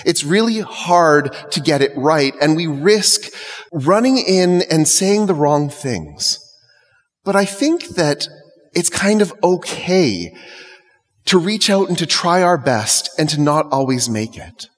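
Male preacher, sermon, lively rising-falling delivery, fairly high voice, long church reverb. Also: slow, soft background music. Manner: conversational, lightly humorous. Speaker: clergy, preacher.

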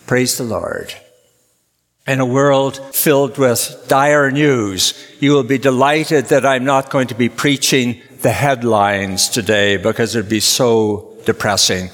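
A man preaching an Easter sermon with a measured, storytelling delivery. He talks slowly at a medium pitch, and his voice trails off into the long reverb of a large church. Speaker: Anglican priest. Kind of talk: Easter sermon with a told joke.

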